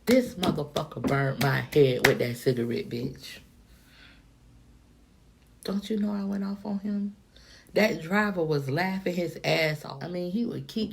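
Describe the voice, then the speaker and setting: In a casual storytime vlog, a Miami-Dade woman no longer in her younger years speaks to camera in a remarkably deep, gravelly voice with a crackling grit. Her delivery is animated and chatty, and she is blunt and profane throughout.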